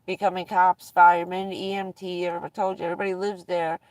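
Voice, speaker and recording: A woman's voice: lowish voice, flat delivery, a little fast, no echo, far from the mic. A woman vlogger casually telling rambling personal stories to her viewers, often breaking into laughter mid-sentence.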